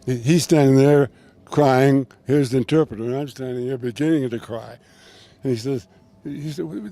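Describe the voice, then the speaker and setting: An older man telling a long story as an interview guest, rambling and animated, restarting his sentences often. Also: medium pitch, moderate pace, gravelly.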